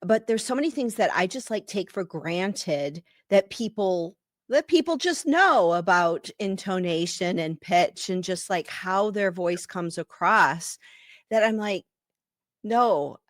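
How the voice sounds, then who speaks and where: A woman's voice: mid-range voice, animated, measured pace, dry recording, clean studio sound. A woman hosting a casual interview podcast, talking earnestly and thinking aloud as she asks her questions. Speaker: podcast host.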